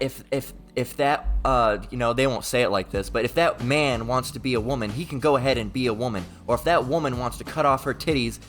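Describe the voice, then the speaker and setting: A man's voice: mid-range voice, a bit bright. Profane, emphatic man preaching. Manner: mimics opponents in quoted voices. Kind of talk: informal preaching monologue.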